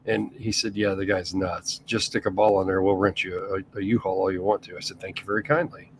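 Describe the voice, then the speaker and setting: A man in casual podcast chat, wry and quick to laugh, who tells stories and swears freely. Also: low-pitched, steady tone, slight background noise. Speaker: co-host.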